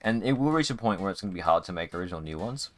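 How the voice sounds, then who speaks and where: Low-voiced man rambling on a game stream. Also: animated, racing, fairly bright tone. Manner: rambling, many fillers and restarts. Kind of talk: casual live-stream commentary. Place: home streaming setup.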